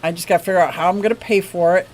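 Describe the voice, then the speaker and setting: Woman, aquarium-channel stream host; casual, gushing, quick to laugh while reading tips. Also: on the low side, low-quality recording. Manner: gushing, excitable, laughs often.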